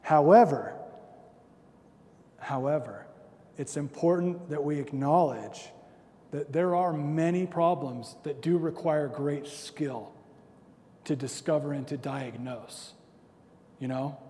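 Man, thirties, pastor, sermon, conversational, slightly high voice, long hall reverb. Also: steady tone, slow pace, warm tone. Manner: conversational and self-deprecating, with acted-out stories.

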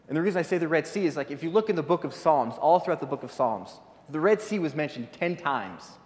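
A man's voice: on the high side, lively intonation, fast talker. A man giving an informal guest sermon, talking off the cuff with many stumbles, repeated words and restarts. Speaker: guest speaker. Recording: long hall reverb.

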